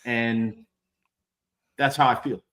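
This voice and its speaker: A middle-aged man, a former police officer hosting a live show, talking candidly and bluntly with halting repeats and swearing. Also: mid-range voice, fairly even intonation, fairly bright tone. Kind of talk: candid conversational chat.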